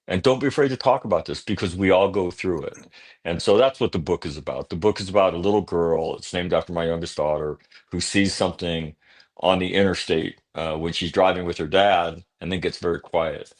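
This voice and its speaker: Deep-voiced earnest man telling a story. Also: fairly quick. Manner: earnest, punctuates thoughts with "right?"; blunt at times. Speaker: author guest. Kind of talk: personal storytelling on a talk show.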